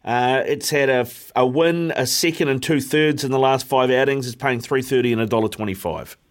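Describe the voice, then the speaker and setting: A man's voice: medium pitch, a little fast. A man hosting a radio show, chatting in an easygoing, matey way. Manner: matey, easygoing, says mate often. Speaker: radio host. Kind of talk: casual radio chat.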